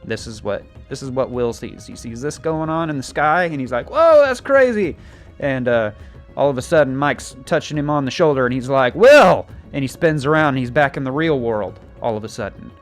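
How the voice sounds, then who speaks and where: A man's voice: mid-range voice, fairly quick, faint music behind. A young man casually recapping a TV season, rambling and joking with plenty of filler words. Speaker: show recapper. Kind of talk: casual plot recap with acted quotes.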